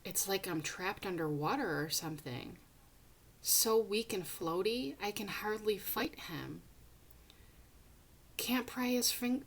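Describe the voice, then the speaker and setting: A woman reading a first-person novel aloud, with dramatic delivery that drops into hushed whispers at tense moments. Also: mid-range voice. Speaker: audiobook reader.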